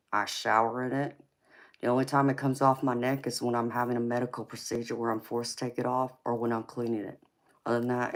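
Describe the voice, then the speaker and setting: A woman with a heavy Southern drawl, hosting a casual live stream and calling her viewers honey and sweetheart. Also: a bass voice. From California, raised in Georgia. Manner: affectionate, calls viewers honey and babe. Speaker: tarot reader and livestream host.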